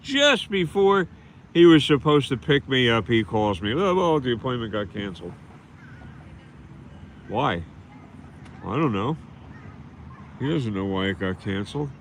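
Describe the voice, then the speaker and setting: A man's voice: medium pitch, fairly bright tone, a little hiss or hum. A man hosting a livestream, ranting bitterly and scornfully and repeating himself in a rambling monologue. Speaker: livestream host.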